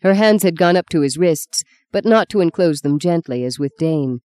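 An audiobook narrator with a low-pitched voice reads from a novel, her storytelling measured and even. The sound is studio quality with no echo.

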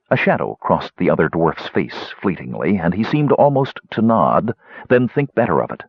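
A man with a low, husky voice narrates a fantasy novel in measured storytelling. His pitch moves expressively through the lines. The recording sounds dull and dry. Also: big pitch swings, dry recording. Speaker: audiobook narrator. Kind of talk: scripted narration.

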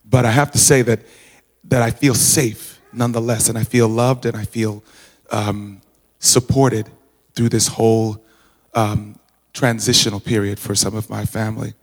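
A man giving an earnest, halting testimony of thanks to his church, often restarting his sentences. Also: fairly low pitch, flat delivery. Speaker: congregant sharing gratitude. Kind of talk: informal personal testimony. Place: church sanctuary. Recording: reverberant hall.

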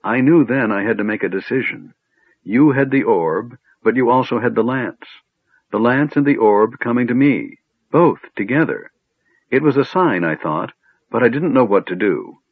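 A man's voice: expressive, normal speed, dry recording. A man voicing a sorrowful silver dragon maiden. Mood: grave, sorrowful. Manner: low, passionate, grave. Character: sorrowful female silver dragon in elf form. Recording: tinny phone-like band, dry.

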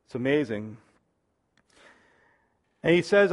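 A man's voice: a little high, unhurried. A middle-aged man preaching a sermon, teaching verse by verse in an emphatic, earnest way. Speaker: pastor.

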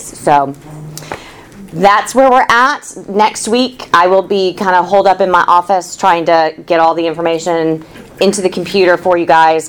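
A woman with a slightly low voice gives an upbeat, explanatory announcement to residents. She is a staff member and speaks casually.

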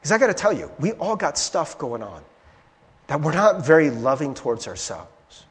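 In a church sanctuary, a man with a fairly high-pitched voice delivers a sermon at a moderate pace. He's a pastor speaking in an animated, conversational style and keeps asking "right?", while the big hall adds long reverb.

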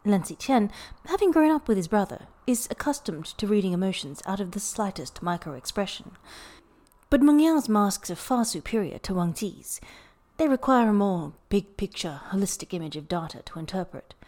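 Brief: woman reader, mid-pitched, even and unhurried storytelling narration. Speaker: podfic reader. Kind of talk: scripted narration.

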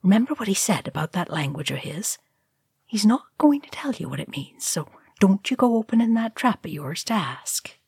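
A woman voicing a stout male hobbit gardener who scolds in a hushed whisper. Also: mid-range voice, sing-song, moderate pace, creaky, slightly rough, no echo, studio quality, full character voice. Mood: hushed scolding.

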